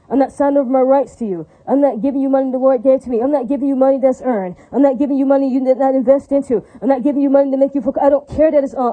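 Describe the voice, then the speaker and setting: Fast-talking, profane ranting woman. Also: high voice, mellow, dull audio. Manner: fast, repetitive, profane and indignant, with religious praise. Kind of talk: unscripted rant.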